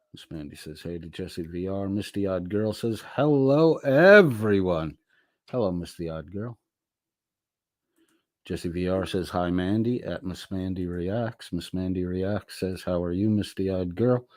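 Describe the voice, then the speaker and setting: A middle-aged man hosts a casual livestream, reading out chat messages and answering them in slow, drawling, loose, profane banter. His lowish voice is a little mellow, recorded in clean studio sound with no echo.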